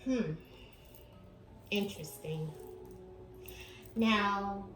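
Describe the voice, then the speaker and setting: A woman doing a chatty spiritual tarot reading, talking to viewers as family with lots of fillers. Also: sits low. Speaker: tarot reader. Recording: echoey room with music behind.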